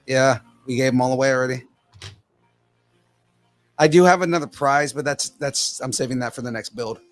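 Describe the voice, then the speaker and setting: A man co-hosting a livestreamed podcast in casual chat, making relaxed offhand remarks while building a model. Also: medium pitch, normal speed, no echo, faint music behind.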